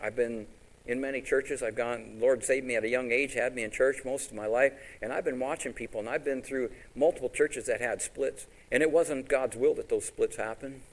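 A male preacher delivering a sermon. His voice sits at a middle pitch. He tells his stories with animation and keeps pressing the congregation with rhetorical questions. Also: fairly even intonation, normal speed, poor audio.

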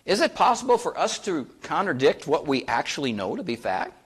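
A man preaches to his congregation in a homey, conversational style, often asking them questions. His voice sits a little high and swoops up and down with lively emphasis. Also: brisk, breathy edge. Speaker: pastor. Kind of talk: sermon.

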